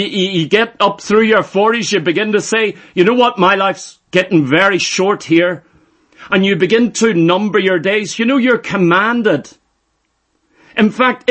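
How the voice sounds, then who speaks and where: High-voiced emphatic male preacher. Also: fairly bright tone. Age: middle-aged. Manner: emphatic, repeats phrases for stress. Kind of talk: sermon.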